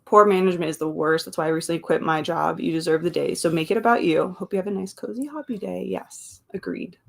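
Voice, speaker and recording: A woman's voice: lowish voice, fast, creaky. A woman hosting a casual live stream, reading viewer comments aloud and chatting between them, laughing often and drifting into asides. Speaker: livestream host.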